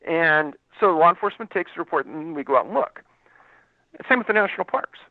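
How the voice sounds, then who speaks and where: A man's voice: fairly high pitch, expressive, brisk, no echo. Man telling a story over a phone line. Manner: acts out dialogue while telling a story. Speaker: guest, former law enforcement investigator. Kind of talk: storytelling in a radio interview. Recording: dry, tinny phone line.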